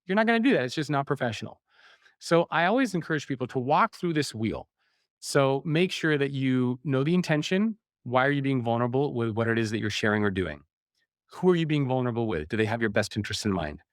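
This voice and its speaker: A man talks through his ideas as an author on a podcast, at an ordinary middle pitch. He livens things up by acting out little quoted voices. The sound is dry and close, with no room in it. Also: quick pace, no room sound. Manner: animated, acts out quoted voices. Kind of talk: conversational explanation.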